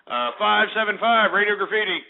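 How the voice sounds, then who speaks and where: A man hosting a call-in radio show, insulting and mocking callers in a loud, barking rant. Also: high-pitched, animated, fairly quick. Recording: tinny phone-line radio archive with faint music.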